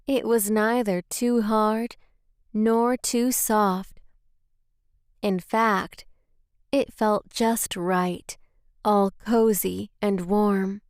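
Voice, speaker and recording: A woman whose native language is Spanish, reading a children's story aloud in a slow, careful way. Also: medium pitch, steady tone, smooth, no echo, clean studio sound.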